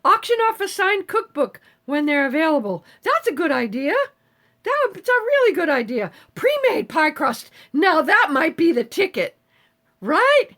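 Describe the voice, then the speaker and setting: A woman in her seventies with a very high, lively voice, chatting casually as she answers viewers on a live stream. She talks in a salty, easygoing way and swears freely. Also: moderate pace. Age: 70s.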